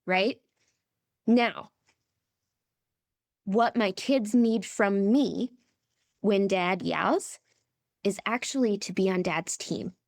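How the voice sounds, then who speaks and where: A woman's voice: medium pitch, drawn-out words, creaky, long pauses, dry recording. A woman coach on a podcast, speaking emphatically and often checking in with "right?". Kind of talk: podcast conversation.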